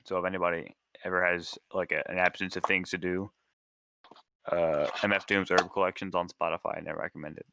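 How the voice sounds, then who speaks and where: A man with a low, deep voice that still has a bright, forceful edge chats casually as a podcast guest. He pauses and restarts his sentences often, and a faint hiss of background noise sits under his voice on the call. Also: flat delivery, creaky, low-quality recording. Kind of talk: casual chat.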